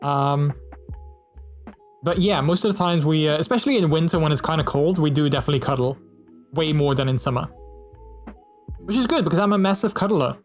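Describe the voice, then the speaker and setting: A man's voice: fairly high pitch, fairly quick, pauses often, faint music behind. A man streaming casually, reading out viewer messages and chatting in a friendly way, with many fillers and restarts.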